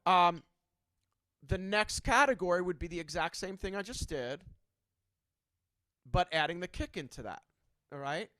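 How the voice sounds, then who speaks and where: A man's voice: high voice, lively intonation, normal speed, long pauses, pushed and bright, no echo. A man teaching a drum clinic in a casual, chatty way, checking in often with his students. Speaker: drum instructor.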